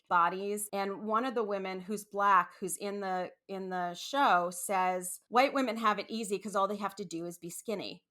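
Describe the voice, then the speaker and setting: Woman, podcast host, casual monologue, rambling, animated, frequent asides, mid pitch.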